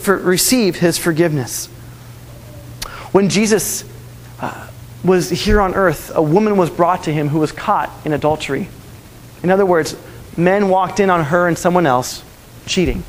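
High-voiced earnest preacher. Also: male voice, moderate pace, long reverb tail, a little hiss or hum. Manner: earnest storytelling, repeats key lines. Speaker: pastor. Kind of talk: sermon.

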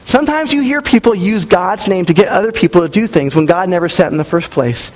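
A man's voice: high voice, animated, fairly quick, few pauses, low-quality recording. A man in his thirties preaching a sermon as a pastor, speaking conversationally and acting out quotes as he tells stories. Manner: conversational, storytelling with acted-out quotes.

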